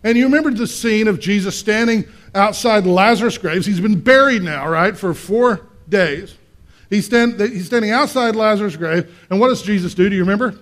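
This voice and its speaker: A male pastor preaching a conversational sermon, asking the congregation questions and swinging between quiet and loud. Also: high voice, normal speed. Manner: acts out voices in quotes, swings from quiet to loud.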